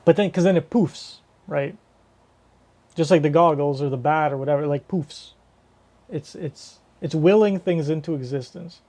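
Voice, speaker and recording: A man's voice: on the high side, normal speed, warm tone. A man giving casual live reaction commentary on a manga chapter, rambling and swearing casually as he thinks aloud.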